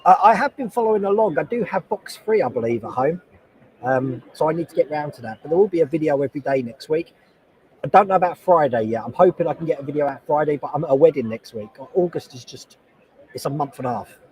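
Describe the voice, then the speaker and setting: A man in his forties hosts a livestream from a convention hall. He rambles through a friendly, casual chat and reads out viewers' comments. His voice sits a little high with a soft, mellow tone, heard through a headset mic. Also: lively intonation, fast talker, slight background noise. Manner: rambling and chatty, reading chat comments aloud. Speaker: host. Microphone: noise-cancelling headset.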